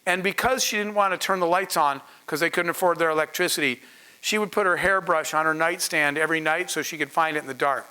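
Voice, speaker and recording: A middle-aged man giving a masterclass on building teams, telling an animated story and acting out the voices of the people in it. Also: a little high, fast talker, clear, resonant tone, poor audio. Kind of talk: storytelling lecture to an audience.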